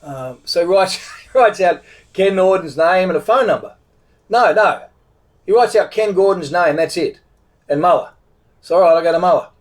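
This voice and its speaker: A middle-aged Australian man casually retelling a road trip story, rambling, with many restarts. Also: a little high. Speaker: vlogger telling a travel story.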